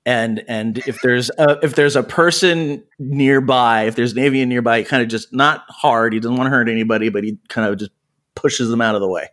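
A man's voice: medium pitch, steady tone, brisk, a bit bright. A man playing a character in a tabletop game, describing his actions casually. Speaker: player. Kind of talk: tabletop role-play.

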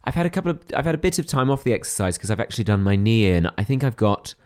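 A man's voice: lowish voice, big pitch swings, racing, darkish tone. A man with a posh-sounding voice, co-hosting a podcast in casual, playful, teasing chat. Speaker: podcast co-host.

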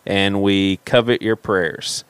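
A man's voice: lowish voice, steady tone, slow, smooth, no room sound. A man co-hosting a podcast in casual chat, easygoing and laughing along. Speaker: podcast co-host.

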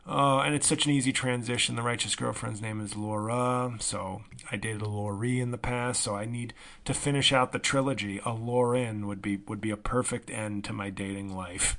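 Male comedian, 40s, gravelly voice, rambling self-deprecating podcast monologue. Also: lowish voice, moderate pace. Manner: rambling, self-mocking, swings to loud excited yelling.

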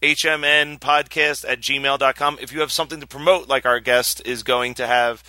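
A man's voice: medium pitch, fairly even intonation, moderate pace, sharp tone, no echo. A man hosting a podcast in casual chat, chatty and laughing often, swearing casually. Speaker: podcast host.

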